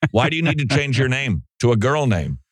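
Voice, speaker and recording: A man's voice: mid-range voice, sing-song, fairly quick, slightly rough. A man giving emphatic, scornful religious commentary, often repeating his words for stress.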